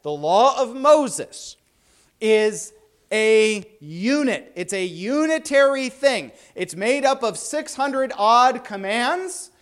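A man's voice: extremely high pitch, expressive, a bit bright, smooth. A man teaching a Bible class, emphatic and stopping often to check that listeners follow. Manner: emphatic, frequent "right?" check-ins; stumbles and restarts, then slows for emphasis.

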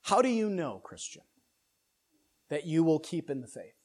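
A man preaching an expository sermon in an earnest way, often restarting and repeating words, and getting louder and higher as he presses a point. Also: sing-song, normal speed. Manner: builds louder and higher when stressing a point.

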